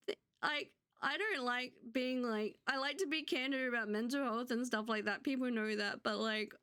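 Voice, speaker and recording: A woman's voice: on the high side, fairly bright tone. A woman streamer in casual chat with her viewers, candid and gushing with thanks.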